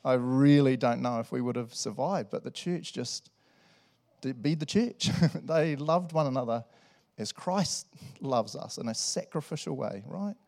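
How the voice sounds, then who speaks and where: A middle-aged man with a New Zealand accent preaching a sermon in a relaxed, conversational way, laughing often and tagging lines with "eh" and "right". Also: medium pitch, a little slow, vocal fry. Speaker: pastor. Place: church hall with congregation.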